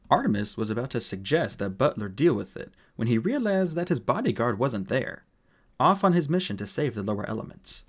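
A man reads an audiobook aloud in a low register. His delivery is animated, with his pitch swinging widely through the lines. The reading is expressive and keeps the story moving. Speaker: audiobook narrator. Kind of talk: audiobook narration.

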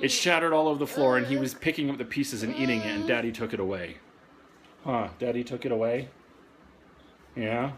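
A man's voice: mid-range voice, brisk, long pauses, fairly bright tone, slight background noise. A young man and father co-hosting a casual family vlog, talking in a joking, self-deprecating, rambling way.

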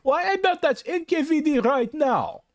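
A man voicing a boastful old male Bolshevik in a deliberately bad fake Russian accent. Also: very high-pitched, expressive, noisy background, voice pushed up. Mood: smug.

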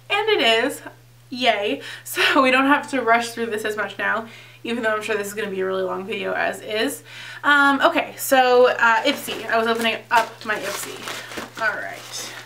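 A bright, high-voiced young woman talks on a beauty vlog, gushing over products and correcting herself as she goes. She sounds a little distant from the camera mic. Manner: chatty, gushing, many fillers and self-corrections. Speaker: beauty vlogger. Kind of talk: casual product review vlog.

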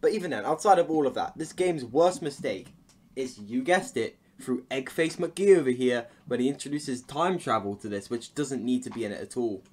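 A man's voice: mid-range voice, lively intonation, normal speed, breathy edge. Sarcastic young man ranting. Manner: sarcastic, swears freely. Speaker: video game reviewer. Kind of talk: casual ranting commentary.

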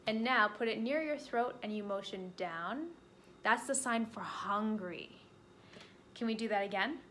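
A woman librarian leading a children's storytime, teaching signs and praising along the way with gentle encouragement. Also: a little high, slight background noise. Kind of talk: children's storytime with sign language.

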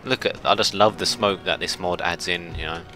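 A man giving chatty, self-mocking let's play commentary, shouting orders at his ships when excited. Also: deep voice, normal speed, faint music behind. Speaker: gameplay commentator.

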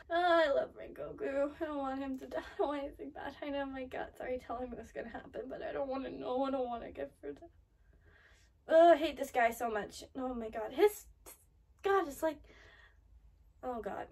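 A high-voiced woman reacts to an anime episode as she watches it, excitable and fretful, swinging between gasps, swearing and cheering. She sits a little back from the mic, so her voice sounds slightly distant. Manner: excitable, gasps and frets aloud, swears often. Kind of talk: live anime reaction commentary.

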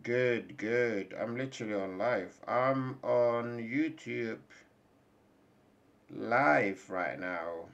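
A man streaming a mobile game live, loudly taunting other players and laughing, then muttering quietly to himself. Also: mid-range voice, extremely slow, vocal fry, dull audio. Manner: loud taunting trash talk with laughter, then quiet mumbling. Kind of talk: live gaming stream chat.

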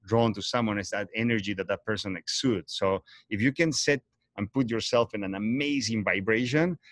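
A man with a somewhat low voice, talking in a casual livestream. He is earnest and rambles, looping back and correcting himself as he goes. The sound is dry and close to the mic. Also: moderate pace, dry recording. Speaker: host.

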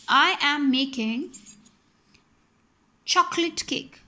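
A woman with an Indian English accent teaches grammar in a high, bright voice. She talks slowly and patiently, walking through each example one step at a time. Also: animated. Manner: slow, explaining step by step with examples. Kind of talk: grammar lesson.

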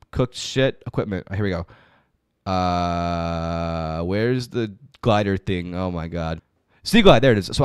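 A young man giving profane, jokey commentary while playing a game, swinging from low mumbling to sudden yelling. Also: smooth. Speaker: gaming YouTuber. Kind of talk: let's-play commentary.

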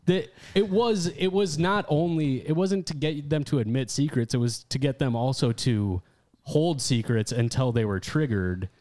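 A man's voice: mid-range voice, dark tone. A man co-hosting a podcast in casual chat, swearing freely and often restarting sentences. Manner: chatty, profane, halting restarts. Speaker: podcast co-host.

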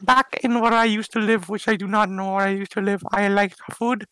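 A man's voice: high voice, flat delivery, fairly quick, fairly bright tone, clear, resonant tone, no echo, poor audio. A man voicing a naive, rambling young boy who narrates his gameplay in broken, childlike grammar with silly, random tangents. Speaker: game commentator. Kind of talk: comedic gameplay commentary.

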